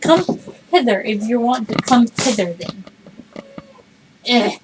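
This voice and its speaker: A woman's voice: on the high side, animated, takes it slowly, background noise. Chatty woman streaming a game. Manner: chatty, reacts out loud and talks to her cat. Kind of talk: live let's-play, reading game text aloud and chatting.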